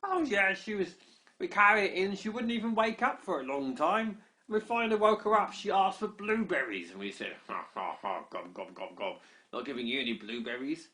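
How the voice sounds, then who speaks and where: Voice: mid-range voice, big pitch swings, moderate pace, pushed and bright, pitched above the performer's own voice. An adult voicing a band of small, frazzled goblins in a bedtime story, pleading and grunting "gob, gob" between complaints. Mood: exasperated.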